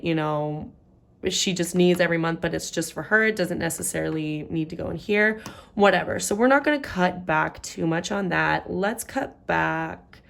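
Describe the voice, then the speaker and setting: A young woman talks through a budget in a relaxed, chatty way, thinking aloud as she works out the numbers. Her voice sits a little low and has a gravelly, fry-laden texture. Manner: chatty, thinks aloud while doing sums. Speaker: budgeting vlogger. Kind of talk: casual budget walkthrough.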